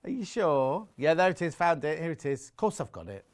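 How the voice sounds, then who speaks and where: A man's voice: a little high, very animated, fairly quick. A man presenting fabrics on a live shopping channel, chatty and jokey as he teases the crew.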